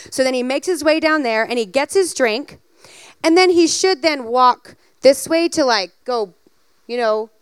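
A woman preaching a sermon, telling a personal story in a lively, animated way and building to emphatic exhortation. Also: sits high, no room sound.

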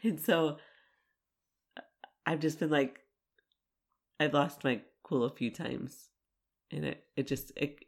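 A woman's voice: low voice, fairly even intonation, slow pace, vocal fry, long pauses. A woman co-hosting a family podcast in casual chat, often laughing and giving short agreeing replies. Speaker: podcast co-host, mother.

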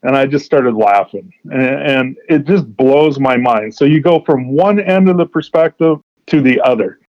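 A man hosting a fishing podcast, chatting casually and telling stories with lively quoted dialogue. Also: medium pitch, moderate pace, no room sound. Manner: storytelling, animated in quoted dialogue. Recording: dull dry podcast audio.

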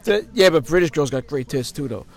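Slangy, crude higher-voiced man. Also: expressive, a little fast. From United States. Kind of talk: casual chat.

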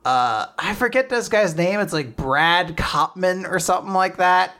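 A woman's voice: on the low side, unhurried. A woman co-hosting a casual chat, recapping a manga chapter and acting out the characters' lines with laughs. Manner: animated retelling, acting out quotes with laughs. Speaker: podcast co-host recapping manga.

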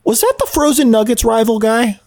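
A man playing a tabletop game, cracking deadpan jokes. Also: very high voice, brisk. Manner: deadpan, joking. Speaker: player. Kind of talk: casual tabletop role-play.

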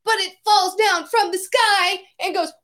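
A high-voiced woman co-hosting a loose, casual podcast. She tells stories with animated, swear-heavy energy and acts out the voices. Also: unhurried. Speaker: podcast co-host. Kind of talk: casual chat, animated storytelling.

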